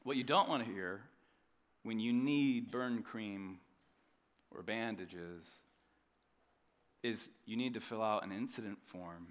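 Pastor, male, 30s, bright forceful tone, storytelling sermon with jokes and big swings in volume. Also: on the low side, unhurried, long pauses. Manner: animated, joking, swings between loud emphasis and quiet asides.

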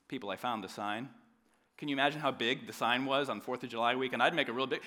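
Pastor, male, 30s, bright forceful tone, storytelling sermon with jokes and big swings in volume. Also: mid-range voice, fast talker. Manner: animated, joking, swings between loud emphasis and quiet asides.

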